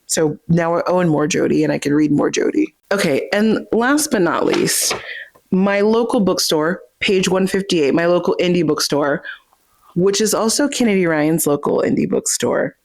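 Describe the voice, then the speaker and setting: A woman talking casually and chattily about the books she bought, animated and self-deprecating. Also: fairly low pitch, moderate pace, no echo. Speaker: book vlogger. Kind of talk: casual book haul chat.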